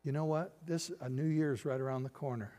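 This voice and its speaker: An older male pastor delivers a sermon in a voice of average pitch. He swings between loud, emphatic declarations and quiet, hushed lines. His voice rings with a long reverb, as if he is preaching in a large sanctuary. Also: fairly even intonation, fairly quick.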